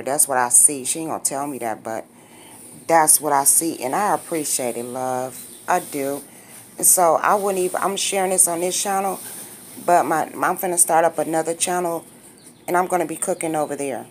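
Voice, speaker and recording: A woman in her fifties vlogs to her viewers in a blunt, slangy, heartfelt way, turning emotional as she talks. Her voice sits a bit low, with faint room noise behind her. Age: 50s. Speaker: vlogger. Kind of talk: emotional casual vlog talk.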